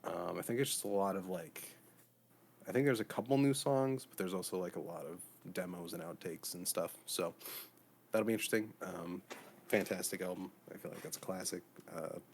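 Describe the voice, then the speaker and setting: A man co-hosting a podcast in relaxed, casual chat, full of fillers. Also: low voice, fairly quick, a little hiss or hum. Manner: laid-back, many fillers. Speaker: podcast co-host.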